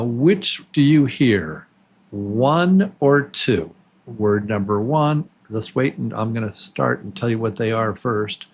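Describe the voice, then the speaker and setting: A man teaching English to absolute beginners, patiently repeating words slowly and counting syllables with the listener. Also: fairly low pitch, slightly rough. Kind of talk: slow, clearly spoken beginner English lesson.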